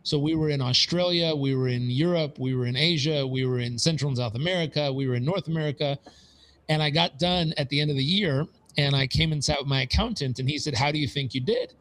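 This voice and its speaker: A man in his forties tells his business story with animated energy, and his pitch climbs high whenever he quotes himself. His voice sits somewhat high for a man. He talks as a podcast guest in a relaxed, conversational way. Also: a little fast, poor audio. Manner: animated, rising into quoted dialogue.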